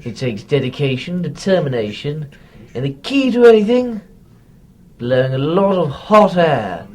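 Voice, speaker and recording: A pompous severed-head landlord. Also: female voice, sits low, very animated, unhurried, a little mellow. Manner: pompous, condescending.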